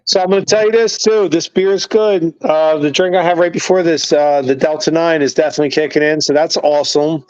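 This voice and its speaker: A man co-hosting a laid-back sports and beer podcast, his voice sitting on the higher side for a man. He talks in an animated, emphatic way, peppering it with profanity. The sound is dull and lo-fi, with a dry, close feel. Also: brisk, hardly any pauses, no echo. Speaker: co-host. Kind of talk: casual podcast chat over beers.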